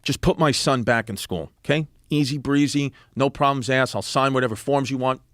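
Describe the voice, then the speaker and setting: A man voicing his tough street-guy father, who talks quietly and slowly with a threatening calm. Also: medium pitch, no room sound, clean studio sound, natural voice. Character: tough middle-aged street-guy dad, calm and menacing.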